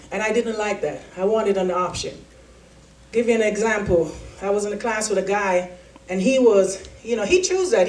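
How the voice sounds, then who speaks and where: A woman's voice: a little high, distant mic. A woman gives a motivational speech, acting out the voices in her story with animation. She sounds set back from the microphone, and a large hall echoes around her. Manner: animated storytelling, acts out quotes. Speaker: keynote speaker.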